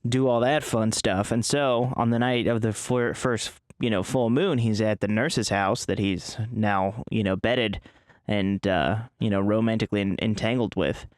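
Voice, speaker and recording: A man's voice: lowish voice, steady tone, normal speed, no room sound, studio quality. A man co-hosting a podcast, casually retelling a film's plot in a rambling way with lots of fillers. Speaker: podcast co-host. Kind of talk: casual movie recap chat.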